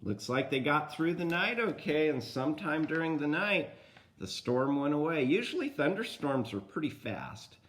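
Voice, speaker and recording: An older man reading a children's storybook aloud in a gentle way, stopping to talk to young listeners. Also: a little high, sing-song, moderate pace. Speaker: grandfather reading a picture book aloud.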